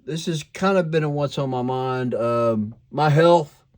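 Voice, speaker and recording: A man's voice: mid-range voice, unhurried, smooth. An older man with a slight twang, rambling casually at home about his hobbies, full of fillers and restarts. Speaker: toy collector vlogger.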